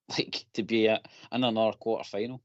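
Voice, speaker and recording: A man's voice: lowish voice, flat delivery, normal speed, no echo. A Scottish man on a fan phone-in, chatting in broad dialect and getting carried away into impassioned rants. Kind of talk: casual chat. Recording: dry, dull lo-fi audio.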